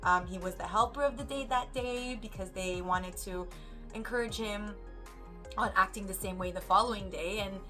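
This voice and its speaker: A woman's voice: medium pitch, normal speed, soft background music. A woman, a mother, casually telling a story to camera and animatedly acting out what others said. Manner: animated, acts out quoted voices. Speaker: mother vlogger.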